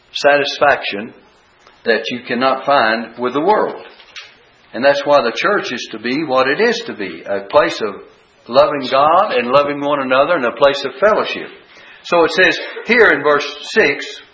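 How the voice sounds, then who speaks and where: A man's voice: medium pitch, pushed and bright. An older man preaching a Bible-teaching sermon, explaining verse by verse and repeating phrases for emphasis. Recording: dull lo-fi church recording.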